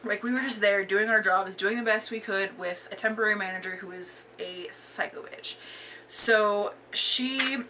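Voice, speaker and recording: A woman's voice: mid-range voice, moderate pace, distant mic, background noise. A young woman vlogger telling a casual storytime, chatty and full of filler words.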